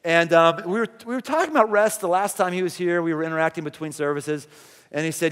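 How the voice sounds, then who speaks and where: A man's voice: a little high, fast, a bit bright, smooth. A man pastor preaching a conversational sermon in a large church, full of rhetorical questions. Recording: long hall reverb.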